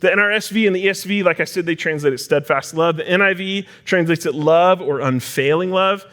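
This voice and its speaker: A man's voice: sits high, brisk, a bit bright. A young man preaching a sermon in a casual, joking, teacher-like way. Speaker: pastor.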